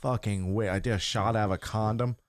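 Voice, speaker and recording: A man's voice: lowish voice, steady tone, brisk. A man co-hosting a podcast in casual chat, crude and joking, often laughing. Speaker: podcast co-host.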